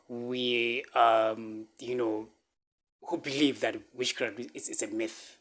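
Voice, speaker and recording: This is a man with a mid-pitched voice who speaks at an unhurried, measured pace. He tells a personal story in halting speech, full of fillers and restarts, and he circles back to repeat the same phrases. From South Africa. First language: a local South African language. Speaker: vlogger.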